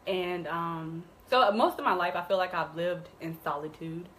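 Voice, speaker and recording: A young woman co-hosting a casual live talk show, speaking haltingly and softly with many pauses and fillers. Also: on the low side, rough recording. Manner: halting, soft-spoken, many ums. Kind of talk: casual live-stream chat.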